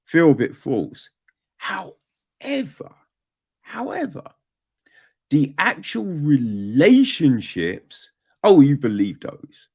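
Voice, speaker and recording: Man, podcast film review, lively swooping pitch, unhurried, swears a lot. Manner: animated, profane, rambling, with sudden loud outbursts. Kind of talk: casual film review monologue.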